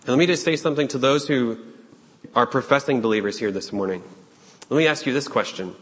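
A man's voice: medium pitch, a bit bright. Man preaching urgently in a reverberant hall. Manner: urgent, questioning, with dramatic pauses. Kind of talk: sermon. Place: church sanctuary.

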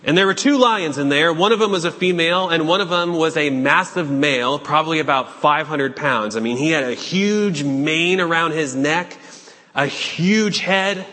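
A man preaching a sermon, urgent and questioning, with dramatic pauses. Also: a little high, sharp tone. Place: church sanctuary. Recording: long hall reverb.

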